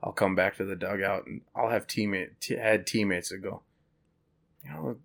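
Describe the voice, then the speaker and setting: A man's voice: deep voice, steady tone, fairly quick, gravelly, a bit bright. A young man casually chatting and telling stories on a podcast, laughing often. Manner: laid-back storyteller, laughs often. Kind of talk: casual chat.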